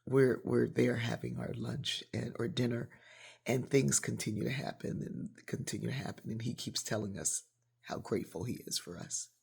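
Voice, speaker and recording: A woman's voice: a bass voice, moderate pace. A woman hosting a podcast, telling a personal story that drifts into whispers and ends on a reflective lesson. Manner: gravelly, husky, often sinks to a whisper; reflective, closing with a gentle lesson. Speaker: podcast host.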